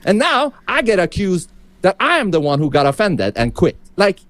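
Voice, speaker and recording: Male streamer, lively swinging pitch, foul-mouthed and defensive, dry close sound. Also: normal speed, no room sound. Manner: animated, profane, defensive. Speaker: streamer reacting to a podcast clip. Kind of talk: casual reaction commentary.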